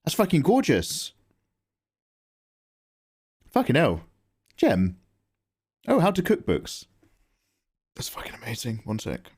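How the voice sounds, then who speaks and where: A man chatting casually to viewers on a live stream while drawing. He gets excited easily and swears freely, speaking into a close microphone. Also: medium pitch, takes it slowly, pauses often, breathy edge.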